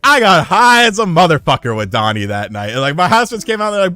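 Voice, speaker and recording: Fast and sing-song, this man's high-pitched voice carries a sharp tone. In his thirties, he hosts a relaxed livestream full of rambling, profane tales, stopping to thank new members who join.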